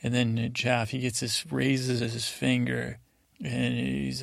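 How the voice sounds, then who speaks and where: A man's voice: mid-range voice, lively intonation, slow, creaky, a bit bright, dry recording, clean studio sound. A man hosting a sleep podcast, rambling through a loose retelling of TV scenes with quoted lines. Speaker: podcast host.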